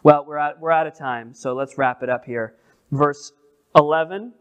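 A man's voice: fairly high pitch, smooth. Questioning man teaching a Bible study. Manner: conversational, asks the group questions; halting restarts, many repeated words. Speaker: pastor.

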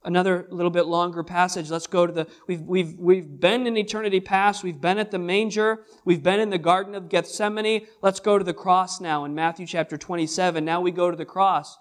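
A man preaching a sermon as pastor, swinging between hushed lines and loud, drawn-out emphasis. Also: high-pitched, steady tone.

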